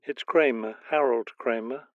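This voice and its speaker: A man's voice: medium pitch, normal speed, dry recording, lightly acted. A man playing a caller ordering a phone line. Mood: cooperative. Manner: plain, cooperative answers. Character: polite male office manager calling to order a phone line. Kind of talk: scripted exam dialogue. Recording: tinny dry phone-like studio audio.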